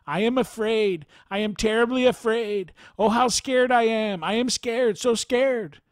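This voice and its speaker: A man voicing a terrified village woman who keeps repeating her fear in a high, trembling voice. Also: a little slow, no room sound, studio quality.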